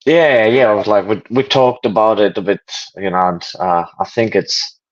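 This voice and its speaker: A German man in his late twenties with a German accent, a guest chatting casually over a video call, relaxed and joking with many fillers. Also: fairly low pitch, moderate pace. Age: 20s. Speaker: interview guest. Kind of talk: casual interview chat. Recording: dull lo-fi video call audio.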